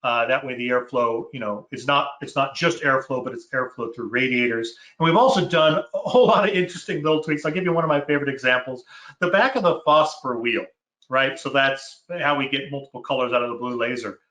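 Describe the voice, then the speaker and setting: Bright-voiced man explaining technical design. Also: mid-range voice. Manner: technical, measured explainer with fillers. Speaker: product manager. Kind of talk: casual chat. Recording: roomy echo.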